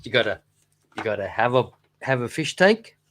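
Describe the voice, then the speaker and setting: A man's voice: mid-range voice, very animated, normal speed, a bit bright, a little hiss or hum. A man, hosting a fishkeeping channel, chatting casually and rambling with jokey asides. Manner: rambling, jokey, acts out silly voices. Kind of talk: casual chat, leafing through old books.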